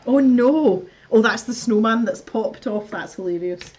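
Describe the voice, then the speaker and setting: A woman's voice: a little high, unhurried, hardly any pauses, darkish tone, slight background noise. A woman hosting a casual live stream, chatting to her viewers as she builds, laughing often and muttering to herself. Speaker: livestream host.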